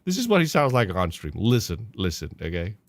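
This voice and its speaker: A man's voice: fairly low pitch, sing-song, a little fast, no room sound, studio quality. A man hosting a podcast, reacting to clips with mocking laughter and swearing. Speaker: podcast host. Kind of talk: casual commentary on clips.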